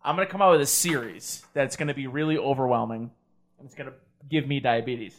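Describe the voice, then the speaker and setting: A man's voice: mid-range voice, fairly quick, slight background noise. A man with an ordinary mid-range voice chats as a guest on a sports podcast. He jokes in a laid-back way, his talk broken by hiccups. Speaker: podcast guest, radio host. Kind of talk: casual chat.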